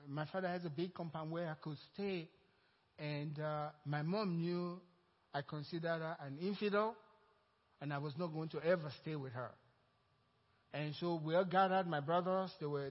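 A man's voice: fairly high pitch, normal speed, in a large hall, muffled recording. A Nigerian-accented man preaching a sermon, telling a personal story and acting out the dialogue. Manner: storytelling, acting out quoted dialogue, growing louder and more excited. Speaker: pastor.

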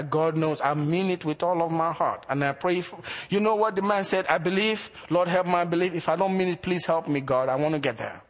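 A pastor delivers a sermon, his voice sitting a little high as he poses rhetorical questions and alternates between loud emphasis and quiet asides.

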